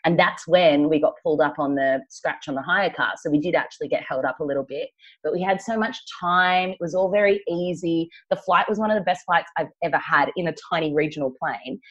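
A woman's voice: low-pitched, brisk, a bit bright, breathy edge, highs cut off. A woman co-hosting a podcast in casual chat, rambling through travel stories and laughing often. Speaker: podcast co-host. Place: travelling, recording remotely.

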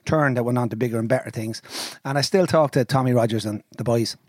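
An Irish man telling a lively story in casual chat, mimicking sounds and accents as he goes. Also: mid-range voice, fast, no room sound, clean studio sound.

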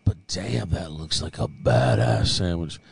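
A man's voice: extremely low pitch, big pitch swings, measured pace, gravelly, breathy edge. A man hosting a casual livestream, swearing freely and laughing while reacting to chat and videos. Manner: profane, laughing, opinionated. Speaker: livestream host. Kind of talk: casual live-stream chat.

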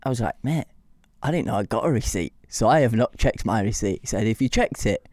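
A man with a lowish voice talks fairly quickly in a dry, clean studio recording. He co-hosts a podcast and tells stories in an animated, casual chat, laughing often.

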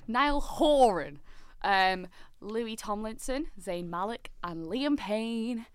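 Bubbly woman, smooth voice. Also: mid-range voice, takes it slowly, no room sound. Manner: bubbly, chatty, giggly. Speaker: podcast co-host. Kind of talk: casual chat.

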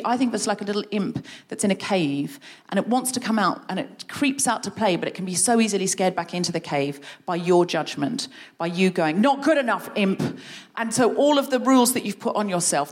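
A woman guest leading a playful creativity game for a live audience, encouraging and animated. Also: medium pitch. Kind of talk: live comedy podcast workshop. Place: stage before a live audience.

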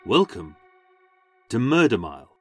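A man with a Birmingham accent narrating a true-crime walking tour as its host, sardonic and sweary, with dramatic pauses. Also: medium pitch, big pitch swings, faint music behind. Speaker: podcast host and tour guide.

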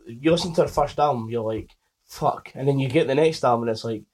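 A man's voice: mid-range voice, fast, a little mellow, poor audio. A Scottish man hosting a podcast, chatting in an opinionated way with some swearing. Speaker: podcast host. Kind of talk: casual chat.

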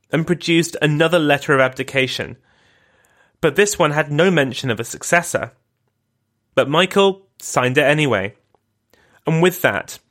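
A man hosting a podcast, giving scripted historical narration in a measured, grave way. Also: a little high, a bit bright. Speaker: podcast host.

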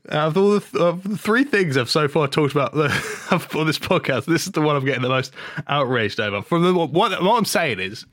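A man's voice: a little high, lively intonation, normal speed, fairly bright tone, no room sound, studio quality. A man, hosting a podcast and ranting in an outraged, sweary, sarcastic way. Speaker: podcast host. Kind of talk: ranting casual podcast talk.

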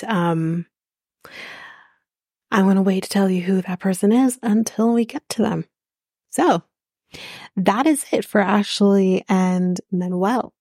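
A young woman talks through a reality show recap on her podcast, loose and chatty, full of fillers and casual swearing. Her mid-pitched voice carries a gravelly fry, and the recording is dry and close with no room sound. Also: a little mellow, no echo. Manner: chatty, profane, rambling with many fillers.

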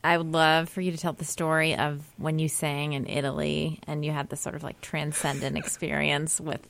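A woman's voice: deep voice, level tone, moderate pace, creaky, fairly bright tone. A woman co-hosting a radio talk show, asking questions and reading announcements.

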